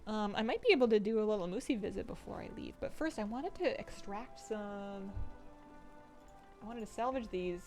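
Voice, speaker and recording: A woman streaming a video game, chatting casually with her viewers, laughing often and switching to high baby talk with her pets. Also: normal speed, darkish tone, soft background music.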